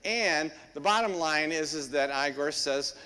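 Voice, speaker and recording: A male priest delivers a homily in a church, pausing often as he tells a story in a relaxed, conversational way. His voice sits somewhat high for a man, and the long reverb of the church trails after each phrase. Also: clear, resonant tone. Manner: conversational storytelling with frequent pauses.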